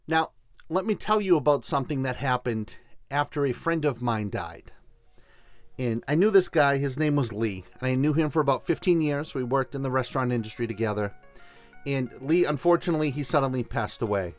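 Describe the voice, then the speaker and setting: A man's voice: medium pitch, expressive, brisk, no echo, clean studio sound. A man hosting a show, telling a story and giving tips in an enthusiastic, conversational way. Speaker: host. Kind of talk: casual storytelling and instruction.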